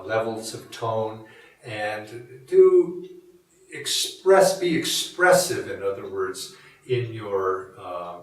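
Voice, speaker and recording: A man giving a reflective spiritual talk in a measured, musing, conversational way. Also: lowish voice. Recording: echoey room from a distant mic.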